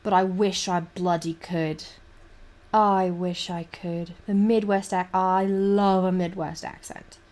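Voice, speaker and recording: A woman's voice: fairly low pitch, level tone, takes it slowly, darkish tone. A woman livestreaming as she paints, chatting casually, muttering to herself and swearing now and then. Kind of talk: casual chat while painting.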